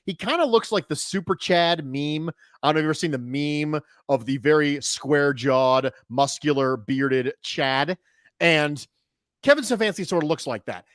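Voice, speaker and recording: Animated man hosting a sports podcast. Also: a little high, no echo, clean studio sound. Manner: animated, quick jokey asides. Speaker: show host. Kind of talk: casual sports podcast chat.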